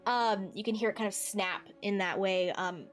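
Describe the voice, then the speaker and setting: A woman's voice: mid-range voice, steady tone, moderate pace, faint music behind. A woman narrating as game master of a tabletop game, hesitant and full of fillers.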